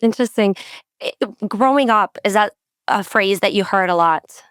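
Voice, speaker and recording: Woman podcast host, lively storytelling chat, clear smooth voice, close dry mic. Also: normal speed, dry recording. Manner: chatty and animated, acts out quotes with rising pitch and laughter. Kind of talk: casual interview chat.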